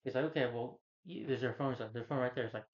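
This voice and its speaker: In a casual spoken movie rant, a man with a medium-pitched, middle-range voice talks at a quick pace. He rambles as he retells scenes and acts out the characters' lines, on a slightly dull, lo-fi recording.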